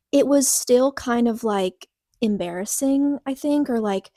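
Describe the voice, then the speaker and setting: Woman podcast co-host, fairly high voice, dry close sound, rambling heartfelt chat. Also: measured pace, mellow, no echo. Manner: rambling, full of "like" fillers and restarts; earnest, openly vulnerable. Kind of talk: casual personal podcast chat.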